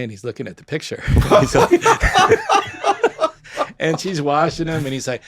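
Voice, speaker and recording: A middle-aged man from Florida telling lively stories on a podcast, acting out his friends' voices and laughing often. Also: a little high, normal speed, slightly rough, no echo, clean studio sound. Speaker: podcast guest, former pub owner. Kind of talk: casual storytelling.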